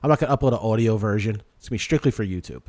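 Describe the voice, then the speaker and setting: A podcast host with a lowish voice talks very fast in casual chat, telling rambling stories and acting out quoted lines with animation. There's no echo.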